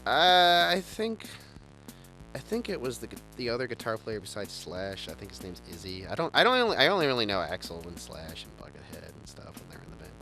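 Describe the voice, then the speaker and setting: A man's voice: fairly low pitch, huge pitch swings, brisk, vocal fry, bright, forceful tone, faint music behind. A man hosting a casual chat, rambling enthusiastically with many stumbling restarts. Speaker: show host.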